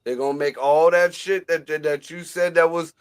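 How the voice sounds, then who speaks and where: Excitable, swearing male co-host. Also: a little high, normal speed, smooth, low-quality recording. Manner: profane, excitable, conspiratorial. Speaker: podcast co-host. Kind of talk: casual livestream chat.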